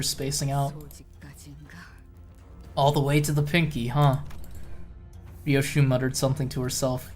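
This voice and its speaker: A streamer reading a game's story text aloud in an even voice, with casual asides between passages. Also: medium pitch.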